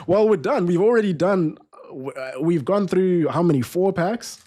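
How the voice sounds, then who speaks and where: Brief: male streamer with a slightly high voice, casual football commentary, lots of restarts. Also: moderate pace, warm tone. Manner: chatty, restarts sentences, reads viewer comments aloud. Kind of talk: live stream commentary and chat.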